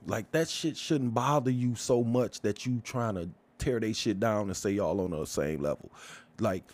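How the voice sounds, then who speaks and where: A man's voice: on the low side, a little mellow. A man giving a casual, profane rant as a vlogger, blunt and heated, firing off rhetorical questions.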